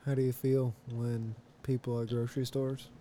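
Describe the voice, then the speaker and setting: A man in a casual podcast chat telling profane, animated stories and mimicking other people as he goes. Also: medium pitch, normal speed, slight background noise.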